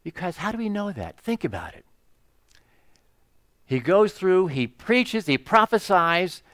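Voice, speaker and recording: Joking pastor, fairly high voice. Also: male voice, big pitch swings, a little slow, a bit bright, no room sound, clean studio sound. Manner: joking, conversational, many "you know" asides. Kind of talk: casual storytelling sermon.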